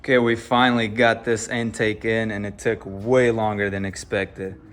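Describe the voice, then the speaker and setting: A man's voice: lowish voice, level tone, normal speed, background noise. Casual man narrating a car build. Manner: casual, enthusiastic, explains steps as he works. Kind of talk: casual garage vlog narration. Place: garage, working on a car. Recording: background music playing.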